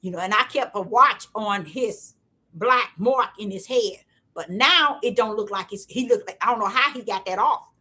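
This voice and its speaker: A woman giving a casual, repetitive spiritual talk to her viewers in a preachy, excitable way. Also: mid-range voice, normal speed. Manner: preachy, repetitive, excitable, African American Vernacular English. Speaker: online preacher.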